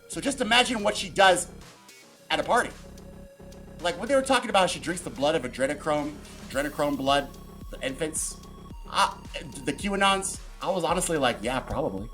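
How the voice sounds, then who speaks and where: A man hosting a casual political talk show, ranting in an animated, profane way. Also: high voice. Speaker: podcast host.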